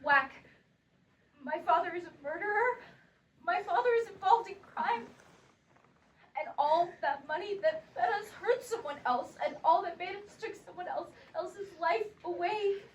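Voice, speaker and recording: A woman's voice: extremely high pitch, a little slow, a little hiss or hum. Desperate young woman, played by an actress on stage. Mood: anguished. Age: young adult. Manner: emotional, voice breaking into tears and shouts. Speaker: stage actor. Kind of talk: theatrical stage monologue. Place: theater stage. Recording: distant live stage recording.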